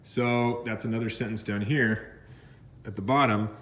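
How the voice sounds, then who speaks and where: A man with a lowish, steady, fairly bright voice gives a recorded English vocabulary lesson, and the sound is roomy. He takes it slowly, with frequent fillers and restarts, now and then sliding into Spanish.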